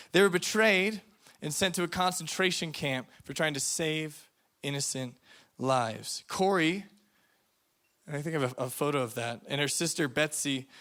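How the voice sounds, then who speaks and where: A man's voice: a little high, a bit bright. A man preaching to a youth camp, telling a story earnestly and reading quotations aloud. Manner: earnest storytelling, reads quotes aloud, varies volume for emphasis. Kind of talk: youth sermon.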